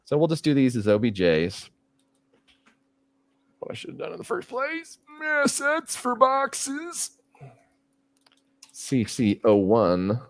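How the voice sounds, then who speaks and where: A man's voice: medium pitch, wildly swooping pitch, slow, pauses often. A middle-aged man hosting a casual live stream, thinking aloud as he works, rambling with fillers. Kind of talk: casual livestream chat while working.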